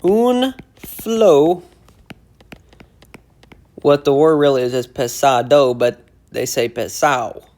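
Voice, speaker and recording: A man teaching casually, breaking phrases down slowly and repeating them word by word as he explains their meaning. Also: mid-range voice, vocal fry, darkish tone. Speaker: language teacher explaining song lyrics. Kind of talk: casual lyric breakdown lesson.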